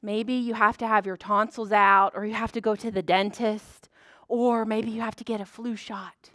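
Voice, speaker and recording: A woman librarian leading a preschool story time, animated and sing-song, gasping in surprise as she talks to small children. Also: mid-range voice, normal speed, no echo, studio quality.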